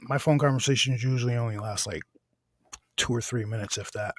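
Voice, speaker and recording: A man's voice: mid-range voice, a little fast, slight background noise. A man co-hosting a casual talk show, telling anecdotes in a rambling way, often restarting sentences and swearing casually. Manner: rambling storyteller, self-corrects, casual swearing. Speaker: podcast co-host. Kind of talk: casual chat.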